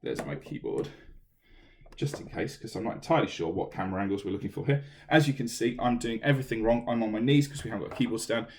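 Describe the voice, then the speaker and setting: A man's voice: fairly low pitch, fast, a little hiss or hum. A man from England teaching an online singing lesson, chatty and self-deprecating, filmed on a camera set up in a room at home. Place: room at home during lockdown. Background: piano playing.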